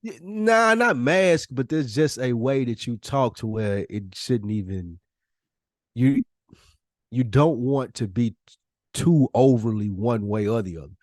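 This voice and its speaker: A man from Tennessee with a Southern accent, co-hosting a podcast in casual, slangy, animated chat. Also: mid-range voice, a little slow, no room sound, studio quality. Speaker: podcast co-host.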